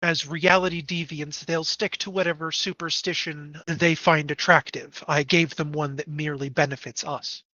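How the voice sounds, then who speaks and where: A man's voice: fairly high pitch, fairly even intonation, normal speed, hardly any pauses, bright, forceful tone, no echo. A man playing a tabletop role-playing game in character, speaking in a dry, matter-of-fact way. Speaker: player. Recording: dry, dull lo-fi mic.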